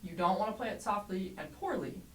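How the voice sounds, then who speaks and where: A woman teaching a trumpet lesson, explaining clearly and encouragingly, sometimes singing rhythms aloud. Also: mid-range voice, brisk, fairly bright tone. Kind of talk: music lesson tutorial. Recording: roomy echo, mic at a distance, faint background noise.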